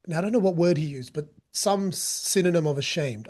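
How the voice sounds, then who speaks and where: A man's voice: on the high side, moderate pace, a little mellow. A man, a guest telling stories in a candid, joking, rambling way. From Australia. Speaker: guest, street interviewer. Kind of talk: casual storytelling interview.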